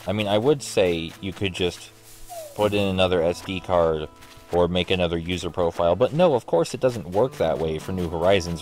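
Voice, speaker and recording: A man's voice: low voice, a little mellow. A man casually commentating while playing a video game, rambling, sarcastic and swearing offhandedly. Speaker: gaming streamer. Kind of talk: casual let's play commentary.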